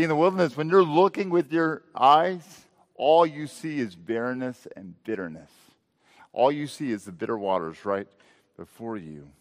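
Guy preaching a sermon in a church, voice swells then drops soft, echo hangs in the hall. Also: on the high side. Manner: rhetorical questions, swells and drops in volume. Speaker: pastor.

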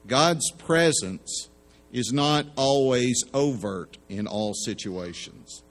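A man preaching a sermon in a folksy way, telling jokes and acting out the voices in his stories. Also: medium pitch. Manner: folksy joke-telling, acts out voices in anecdotes. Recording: long hall reverb.

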